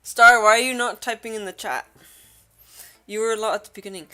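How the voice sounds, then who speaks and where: Giggly, lively woman streamer. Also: on the high side, normal speed, pauses often. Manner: giggly, chatty, talks to chat. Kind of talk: livestream gameplay commentary.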